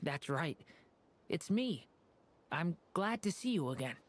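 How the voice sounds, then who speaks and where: A man's voice: fairly high pitch, sing-song, slow pace. A man voicing a young dragon in human form in a game, speaking politely and formally. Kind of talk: game voice acting.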